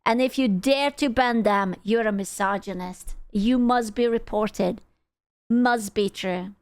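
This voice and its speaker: A woman's voice: a little high, measured pace, no echo. A woman streamer giving casual reaction commentary, sarcastic and mocking, swearing freely. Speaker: VTuber streamer reacting to a video.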